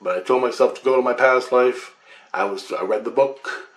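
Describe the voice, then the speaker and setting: A man's voice: medium pitch, moderate pace. A man telling his own story in a casual, emphatic way, swearing and restarting as he goes, recorded on a computer webcam. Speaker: vlogger recounting a past-life recall. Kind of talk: casual first-person storytelling. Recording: roomy echo.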